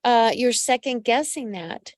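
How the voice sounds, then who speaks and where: A woman's voice: a little high, a little slow, no room sound. Affectionate woman psychic giving readings. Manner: affectionate, calls listeners pet names; direct, coaching advice. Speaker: psychic medium host. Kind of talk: live-streamed astrology reading.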